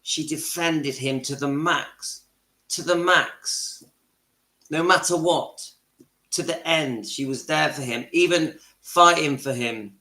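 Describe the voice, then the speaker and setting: A man's voice: fairly high pitch, takes it slowly, pushed and bright, reverberant. A middle-aged man hosting his own channel, delivering an impassioned monologue from home and repeating phrases for emphasis. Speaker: channel host. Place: his home, kitchen and lounge.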